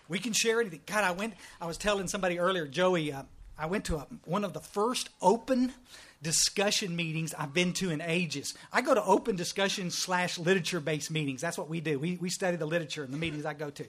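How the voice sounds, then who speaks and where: Texan guy sharing his story at a meeting, high-pitched, folksy and blunt. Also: quick pace, fairly bright tone. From Texas. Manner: folksy, emphatic, joking. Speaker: recovery meeting speaker. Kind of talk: testimony talk.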